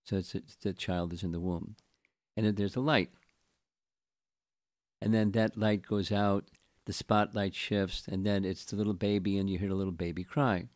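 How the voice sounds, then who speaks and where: A man giving a scripture lecture as a spiritual teacher, speaking in a halting way with frequent restarts and repeated words. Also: fairly low pitch, fairly even intonation, a little mellow, no echo, studio quality.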